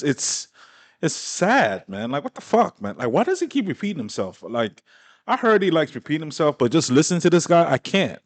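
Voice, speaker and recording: A man with a mid-pitched voice giving a blunt, exasperated reaction to a clip. His talk is slangy and full of curses. The sound is close and dry, with no room around it. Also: dry recording. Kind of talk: casual reaction commentary.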